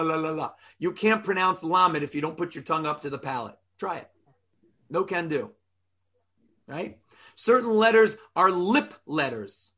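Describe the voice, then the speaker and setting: A man teaching a Torah lesson, animated, asking rhetorical questions and sounding out Hebrew letters aloud. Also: sits high.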